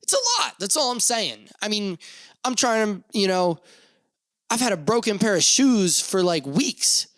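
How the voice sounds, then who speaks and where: A man's voice: sits high, very animated, a little slow, fairly bright tone, no room sound. A young man hosting a solo podcast, rambling casually with lots of fillers and swearing. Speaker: podcast host.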